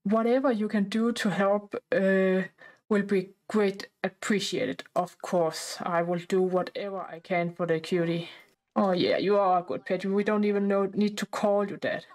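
A woman gives relaxed, chatty commentary while she plays a life-sim game. She sounds a little out of breath, and her talk is halting, with many fillers and restarts. Her voice sits in an ordinary middle range. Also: medium pitch, poor audio. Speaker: gameplay narrator.

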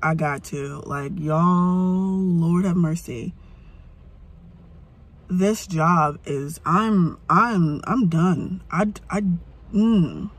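A burnt-out woman venting in a frustrated, halting rant from inside her parked car, starting over again and again. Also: on the low side, husky. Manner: frustrated, halting, many restarts. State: burnt out and weary. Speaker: vlogger. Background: faint rain and vehicle ambience.

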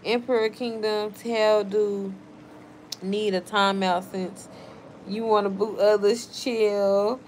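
A woman's voice: medium pitch, steady tone, takes it slowly, a little mellow, a little hiss or hum. A tipsy young woman hosting a livestream, reading chat messages aloud and snapping back at chatters in a brash, profane way. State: tipsy from wine.

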